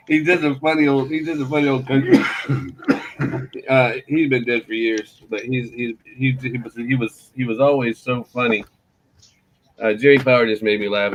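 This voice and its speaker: A man's voice: mid-range voice, steady tone, a little slow, pauses often, highs cut off, slight background noise. A man hosting a morning talk show, chatting casually with many restarts and easy laughter. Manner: rambling, restarts and fond laughter. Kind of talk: casual radio chat.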